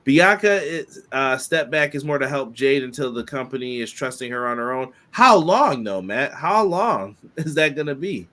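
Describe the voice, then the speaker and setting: A man co-hosting a casual wrestling podcast on a podcast mic. He speaks in quick, animated bursts, with lots of fillers. His voice sits in a medium register. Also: mid-range voice. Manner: fast, animated opinions with frequent fillers. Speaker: podcast co-host.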